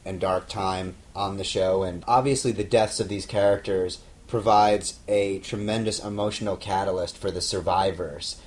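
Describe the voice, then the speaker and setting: A middle-aged man co-hosting a casual podcast chat, brisk and playful. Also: low voice, fairly even intonation. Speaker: podcast co-host, show writer.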